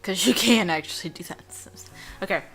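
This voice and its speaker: A woman's voice: mid-range voice, fast, a bit bright, faint music behind. A woman hosting a let's play from a room at home, rambling casually and reading game text aloud. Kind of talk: casual gameplay commentary.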